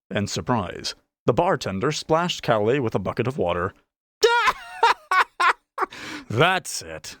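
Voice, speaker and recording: A man narrating a fantasy audiobook with expressive storytelling. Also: lowish voice, dry recording.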